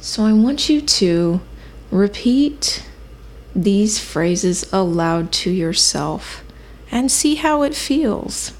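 A woman hosting a self-help podcast, teaching in a calm, measured way and thinking aloud with occasional fillers. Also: medium pitch. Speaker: podcast host.

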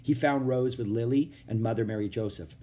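A man reading a children's chapter book aloud in steady storytelling narration. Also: medium pitch, fairly quick. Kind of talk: audiobook narration.

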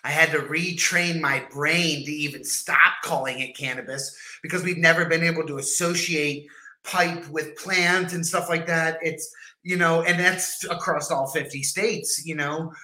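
A man's voice: a little high, fairly even intonation, a little slow, sharp tone, low-quality recording. A man co-hosting a podcast, talking in a rambling way with many restarts and easy laughs. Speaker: podcast co-host. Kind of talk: casual podcast chat.

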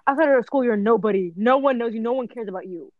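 A woman co-hosting a casual podcast chat, rambling and filling every pause with "like". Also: on the high side, dry recording, narrow, tinny audio. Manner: rambling, full of "like". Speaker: podcast co-host.

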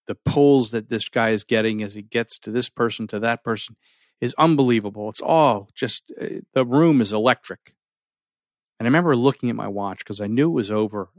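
A middle-aged man telling a personal story with earnest feeling, often sinking his voice low and holding back tears. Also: no room sound, studio quality. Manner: earnest, emotional, often drops to near a whisper. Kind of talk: personal story told to an audience.

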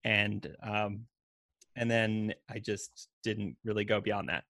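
A man's voice: fairly low pitch, steady tone, slow, vocal fry, fairly bright tone, no echo. A man co-hosting a podcast, chatting casually and laughing often as he reviews a product. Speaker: podcast co-host.

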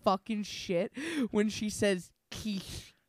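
A man's voice: high-pitched, level tone, slow pace, dry recording, studio quality. A man co-hosting a podcast in casual chat, sleepy, laughing often and swearing freely as he tells stories. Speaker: podcast co-host.

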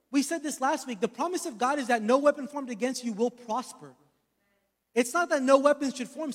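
High-voiced preaching man in a hall. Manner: storytelling, rising to emphatic preaching. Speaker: pastor. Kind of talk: sermon with personal testimony.

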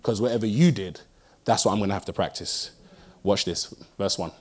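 A man's voice: on the low side, fairly quick. A man, preaching a sermon, telling stories and driving points home with emphatic repeated phrases. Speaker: pastor.

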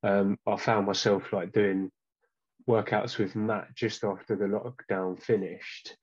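A man with a lowish, fairly monotone voice answers interview questions in a relaxed, halting way, full of "um"s and restarts. The recording sounds dull and lo-fi. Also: slightly rough. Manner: hesitant, many "um"s and restarts. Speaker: guest. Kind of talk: casual interview chat.

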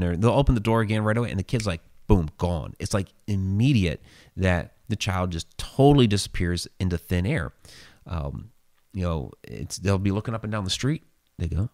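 A man with a deep, low voice talks in an easygoing, rambling way, stopping often for fillers and restarting his sentences. He sounds like a show host chatting with his audience. The recording is dry and close, with no room sound. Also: lively intonation, moderate pace, dark tone, no room sound. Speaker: host reading viewer questions. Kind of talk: casual storytelling chat.

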